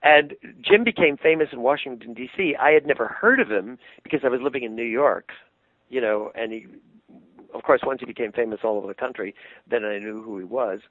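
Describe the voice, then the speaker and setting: An older man, a puppeteer, telling animated anecdotes in an interview and laughing easily. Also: medium pitch, brisk, no room sound. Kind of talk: interview storytelling. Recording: tinny phone-line sound, dry.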